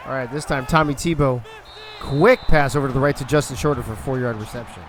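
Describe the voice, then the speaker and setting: A man's voice: medium pitch, steady tone, fast talker, noisy background. A young man calling a football video game live on a stream, loose and profane, talking to his chat between plays.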